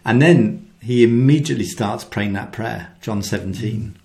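Gravelly-voiced man giving a devotional talk. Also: lowish voice, moderate pace. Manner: animated storytelling, acts out quotes; drops to soft hushed voice for key lines. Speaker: Christian speaker.

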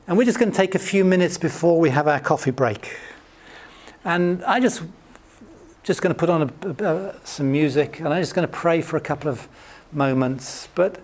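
A middle-aged man preaching a sermon in an earnest way, lifting his voice when he acts out quotes and dropping to a soft hush. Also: lively intonation, normal speed. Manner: earnest, rises high acting out quotes, drops soft and hushed.

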